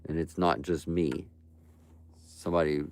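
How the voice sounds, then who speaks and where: A young man with a very low, gravelly voice that still sounds smooth and resonant, talking live to his chat. He rants bluntly and profanely. His speech is loose and casual. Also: fairly even intonation, unhurried, a little mellow. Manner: ranting, blunt and profane, frequent "bro" and "like". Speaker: livestreamer. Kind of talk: live stream talk to chat.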